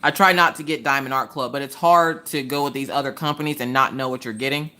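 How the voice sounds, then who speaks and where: A woman hosting a laid-back craft livestream, talking straight to her viewers. Her voice has a bright, crisp edge. She rambles in a chatty way and slips into exasperated rants full of rhetorical questions. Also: very deep voice, steady tone, fast talker. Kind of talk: casual chat with live viewers. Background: chewing ice between sentences.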